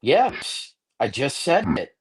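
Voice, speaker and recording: A man's voice: medium pitch, very animated, slow, a little hiss or hum. A man on a casual sports podcast, bluntly trading insults and arguing with his co-host.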